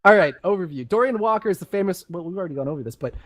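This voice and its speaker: A man's voice: sits high, expressive, racing, a bit bright, dry recording, studio quality. Young man reading lore on voice chat. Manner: chatty, self-mocking asides while reading. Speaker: streamer reading game lore. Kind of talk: casual reading aloud on voice chat. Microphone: headset on voice chat.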